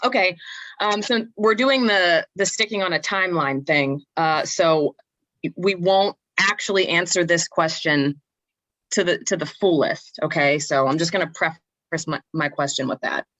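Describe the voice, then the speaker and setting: Low-voiced chatty woman co-host. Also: moderate pace, a bit bright, no room sound, poor audio. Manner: chatty, laughing, restarts her sentences. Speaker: podcast co-host. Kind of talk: casual chat.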